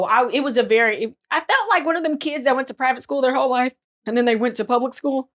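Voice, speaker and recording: A young adult woman co-hosting a casual chat, telling stories in an animated way, acting out quotes with big jumps in pitch and laughter. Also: fast talker, no echo, studio quality. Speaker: podcast co-host.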